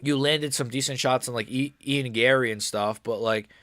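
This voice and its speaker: A man's voice: medium pitch, steady tone, normal speed, fairly bright tone, no room sound. A young man rambles through live fight commentary in a casual, slang-heavy way, peppering his lines with filler words. He gives blunt, mocking takes in a mid-range voice. The recording is dry and close, with no room sound. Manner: slangy, rambling, frequent "bro" and "like".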